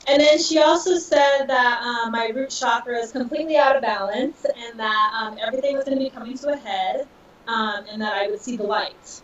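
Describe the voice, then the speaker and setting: A woman in her thirties, a podcast guest, telling a personal story in an emotional, animated way with laughter. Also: a little high, brisk, a little hiss or hum. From Southern California. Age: 30s. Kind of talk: casual storytelling. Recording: dull, distant, roomy audio.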